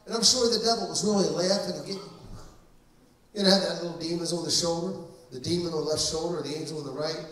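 A man's voice: a little high, fast, fairly bright tone. A male pastor preaching a deliverance-service sermon in an emphatic storytelling manner with frequent fillers. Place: church hall. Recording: echoey church hall, mic distant.

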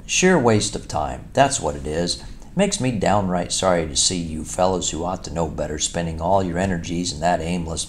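A man voicing a boastful, excitable male toad in a storybook reading, with a grand, gushing manner. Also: low voice, slight background noise. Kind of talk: storybook character voice.

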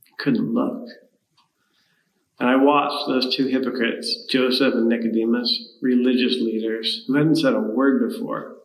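A man's voice: mid-range voice, gravelly, reverberant, low-quality recording. A man playing the grieving, bitter disciple Thomas in a dramatic first-person monologue during a worship service. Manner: bitter and sarcastic. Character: grief-stricken, bitter, doubting male disciple Thomas. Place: church sanctuary.

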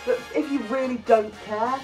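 A man co-hosting a casual chat, making sarcastic, deadpan jokes. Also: very high voice, normal speed, faint music behind. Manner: sarcastic, deadpan jokey remarks. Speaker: co-host. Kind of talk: casual chat while browsing a shopping site.

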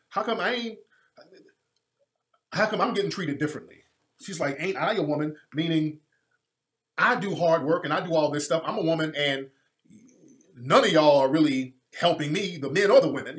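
Male commentator, high lively voice, emphatic profane rant, repeats his points. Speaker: online commentator.

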